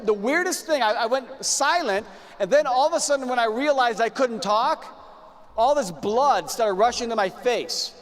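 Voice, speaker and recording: A man's voice: very high-pitched, a little fast. A man giving a motivational business talk to a room, telling a personal story and repeating words as he goes. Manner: storytelling, repeats words, acts out his own past lines. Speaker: business speaker. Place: large room with live audience. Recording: long hall reverb.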